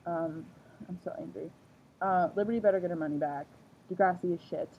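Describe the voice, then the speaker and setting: A young woman in a heated, profane rant, her words tumbling out with "like" after "like". Her voice sits fairly low for a woman. The recording is dull and lo-fi, with a faint hiss underneath. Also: fairly quick. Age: young adult. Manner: swears often, heavy "like" filler, fired up. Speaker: vlogger. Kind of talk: angry rant to camera.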